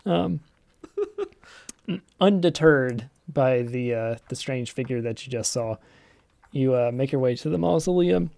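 A game master narrating a tabletop horror game, hesitant with many pauses. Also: medium pitch, gravelly, warm tone, no echo.

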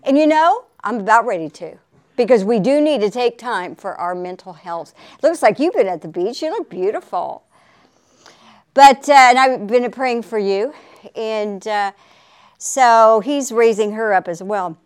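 A woman's voice: on the high side, expressive, a little slow, clean tone. A woman preaching in a chatty, conversational way on a faith talk show, laughing often and asking for an Amen.

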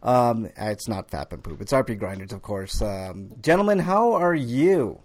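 A man's voice: on the low side, lively intonation, measured pace, darkish tone. A man hosting a casual gaming podcast, loose and joking, swearing freely and laughing often. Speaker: podcast host.

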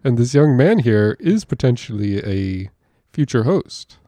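A man playing a snobby rich gentleman in a comedy bit, speaking with haughty mock-fancy airs. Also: medium pitch, big pitch swings, unhurried, no echo.

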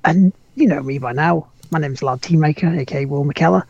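A man's voice: fairly high pitch, a little fast, creaky, darkish tone, husky, no room sound, dull audio. A man hosting a gaming podcast in casual, joking, rambling chat. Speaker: podcast host.

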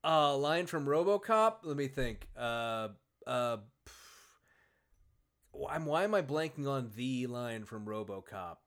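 Lively-voiced man reading aloud. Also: medium pitch, slow pace. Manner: reads passages aloud, sardonic asides, laughs often. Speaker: podcast co-host. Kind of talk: casual chat and reading aloud.

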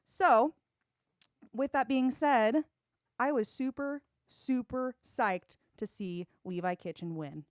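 A woman's voice: a little high, takes it slowly, no room sound, studio quality. A young woman hosting a solo sports podcast, chatty and opinionated, with casual swearing. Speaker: podcast host.

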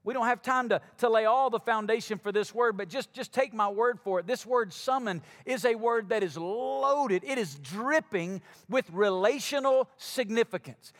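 Male pastor, southern alabama accent, very high voice, sermon, long echo of a big hall. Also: normal speed, hardly any pauses, a bit bright. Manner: conversational preaching, calls to the congregation.

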